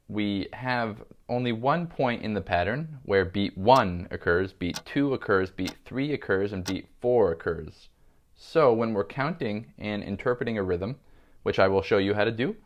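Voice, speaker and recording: A man teaching a music lesson, calmly explaining and counting beats aloud. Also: fairly low pitch, measured pace, muffled recording. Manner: calm, steady instruction, counting beats aloud.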